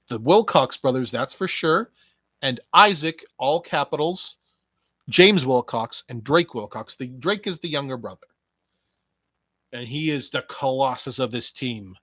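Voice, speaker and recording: A young man hosts his wrestling podcast in a rambling, sarcastic way, swearing freely and mocking a wrestler to his face. He talks slowly, and the sound is dry and close. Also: mid-range voice, a bit bright, no room sound. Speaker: podcast host. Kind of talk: casual wrestling commentary podcast.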